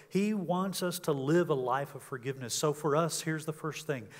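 Earnest preacher man with a high-ish voice. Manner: earnest, rises to emphatic peaks then drops soft. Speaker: pastor. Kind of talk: sermon. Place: church sanctuary. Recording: long hall reverb.

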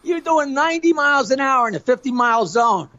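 A woman voicing a calm male traffic cop who speaks slowly with hesitations. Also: high voice, highs cut off. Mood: deadpan. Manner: slow, halting.

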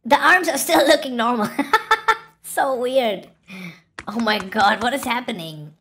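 A woman's voice: fairly high pitch, measured pace, fairly bright tone. A woman hosting a reaction video, gasping, laughing and exclaiming at funny clips. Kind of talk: excited video reaction commentary.

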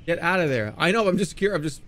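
Excitable man streaming games. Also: fairly high pitch, rapid-fire. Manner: excitable, bursts into laughter and shouting. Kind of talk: live game-stream commentary.

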